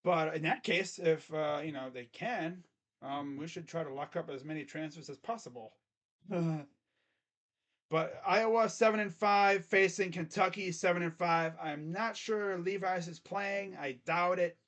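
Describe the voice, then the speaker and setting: A man's voice: high-pitched, measured pace, fairly bright tone. Chatty man rambling through sports picks. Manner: rambling, chatty, self-correcting. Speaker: host. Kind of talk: casual sports picks commentary.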